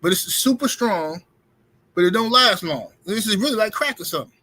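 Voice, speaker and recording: A man hosting a livestream, talking in loose slang with a high, bright voice. His tone is husky and a little rough, and he rambles from one point to the next. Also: animated, brisk. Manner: loose slangy rant, greets viewers. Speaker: livestream host. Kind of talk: casual livestream commentary. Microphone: streaming setup mic.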